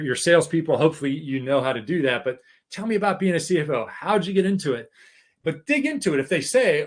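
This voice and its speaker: A man's voice: on the high side, breathy edge. A middle-aged man giving a conversational leadership masterclass, restarting phrases often and acting out short bits of dialogue. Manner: conversational, many restarts, acts out quoted dialogue. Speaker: keynote speaker on leadership. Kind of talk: live masterclass talk.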